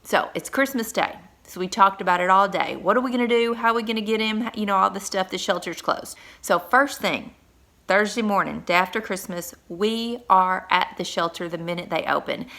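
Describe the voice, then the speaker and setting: A woman's voice: mid-range voice, normal speed, creaky, sharp tone. A woman vlogger and mother telling viewers a heartfelt story in a casual, earnest way. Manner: earnest and emotional, addresses viewers directly.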